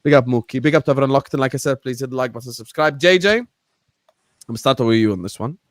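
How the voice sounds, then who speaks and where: A man hosting a live football talk stream, animated and laughing as he shouts out viewers by name. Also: medium pitch, fast, dry recording. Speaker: host.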